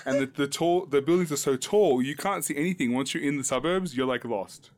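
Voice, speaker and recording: A man's voice: mid-range voice, fairly quick. Rambling Australian man playing a game. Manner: rambling, jokey, full of fillers. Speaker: tabletop game player. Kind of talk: casual in-character play.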